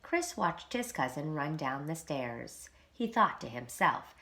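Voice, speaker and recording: A woman, a preschool teacher, reading a children's storybook aloud in an expressive, animated way. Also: low voice, measured pace, few pauses.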